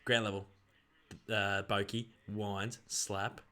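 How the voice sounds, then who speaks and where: An Australian man streaming casual live play-by-play, excitably rattling off player names and breaking into loud calls. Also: fairly low pitch, takes it slowly. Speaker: streamer commenting on a live game.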